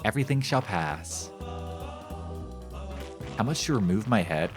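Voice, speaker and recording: A male streamer jokes casually while playing a game, rambling, reading game text aloud, and repeating phrases in shifting voices. His voice is lowish, animated, and a little slow, with faint music in the background.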